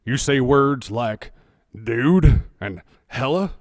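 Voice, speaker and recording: A man voicing his old army boss, a gruff officer who teases him in a slow, low drawl. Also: expressive, no room sound, clean studio sound. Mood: teasing.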